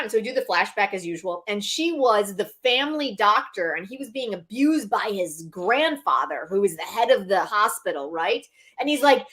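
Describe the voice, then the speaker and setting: A woman co-hosting a casual chat show, animated and laughing as she acts out scenes. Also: on the high side, normal speed. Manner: animated, laughing, acting out scenes with quoted voices. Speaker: podcast co-host.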